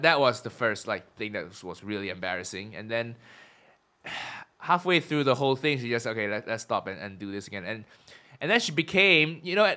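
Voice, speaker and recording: A young man from Malaysia speaks with a jumbled mid-Atlantic accent. His voice is bright and forward at a middling pitch. He tells a self-mocking story in a casual podcast chat. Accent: mid-Atlantic mix. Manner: self-mocking storytelling, drops his voice low when recounting. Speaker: guest comedian.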